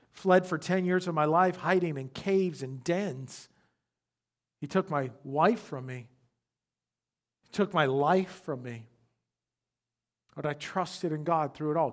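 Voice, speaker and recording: A man preaching a sermon who speaks straight to his congregation with questions and rises from quiet reflection to loud emphasis. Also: fairly high pitch. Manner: addresses the congregation directly with questions. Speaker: pastor.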